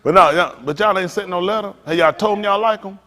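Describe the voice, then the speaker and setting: A middle-aged man pastor, teasing and preaching to his congregation in a joking, animated way. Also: sits high, fast talker. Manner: animated, teasing, talks straight to the crowd. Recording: long hall reverb.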